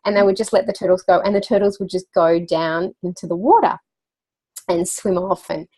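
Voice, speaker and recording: A woman's voice: fairly low pitch, steady tone, brisk, warm tone, breathy edge. A woman guest in a casual interview, talking as a children's wellbeing coach with a chatty storyteller's manner, laughing now and then and using lots of fillers. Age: adult parent.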